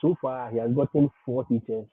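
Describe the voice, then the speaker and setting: A man's voice: mid-range voice, steady tone, fairly quick, breathy edge. A man hosting a livestream and giving advice, talking emphatically, repeating his points and often laughing. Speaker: livestream host. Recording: tinny phone-like audio.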